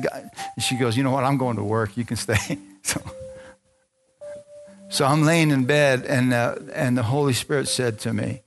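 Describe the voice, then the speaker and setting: A man preaching, telling a personal story to a congregation and acting out the dialogue in it. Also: medium pitch. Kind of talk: sermon testimony.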